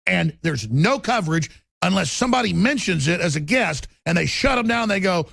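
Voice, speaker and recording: Brief: male talk host, forceful nonstop rant, high gravelly voice. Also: lively intonation, no echo. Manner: forceful, rapid, stammering restarts. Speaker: radio talk show host. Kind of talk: ranting political talk.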